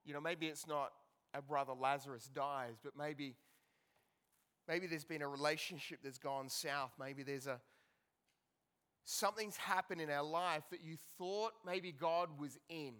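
A man delivering a church sermon in a high, bright voice. He swings from loud, pressing emphasis down to hushed, quiet passages. His phrasing is repetitive and dramatic, in the way of a pastor at a service. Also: unhurried, clear, resonant tone.

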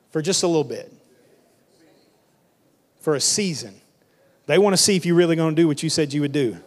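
A man's voice: a little high, expressive, brisk, pauses often. A male pastor preaching a sermon, building intensity and repeating lines for emphasis, with casual phrasing like "y'all" and "ain't.". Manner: colloquial Southern-church phrasing, "y'all" and "ain't".

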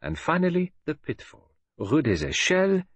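Man doing a precise old detective, gentle, measured, self-assured, husky low voice, dry sound. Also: wildly swooping pitch, no echo, full character voice. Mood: musing. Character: fussy, precise older Belgian male detective.

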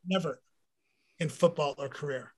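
A middle-aged man, a former pro football player, telling a personal faith story in an interview with earnest, animated delivery. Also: a little high, moderate pace. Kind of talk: personal faith testimony in conversation.

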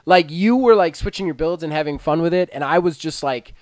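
A man co-hosting a gaming podcast, chatting casually in an excited, self-deprecating, rambling way. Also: on the high side, fairly quick, no room sound. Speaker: podcast co-host. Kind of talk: casual chat.

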